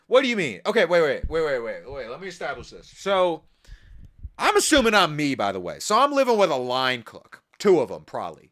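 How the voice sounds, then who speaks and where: Animated, loud-mouthed male streamer. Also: fairly high pitch, moderate pace. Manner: loud, profane and incredulous, mocking with laughter. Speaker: livestreamer. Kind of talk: casual live-stream reaction chat.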